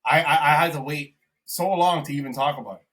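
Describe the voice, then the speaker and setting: A young man co-hosting a podcast in casual, animated chat, swearing often and calling his friend "bro". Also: on the high side, brisk, distant mic. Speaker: podcast co-host.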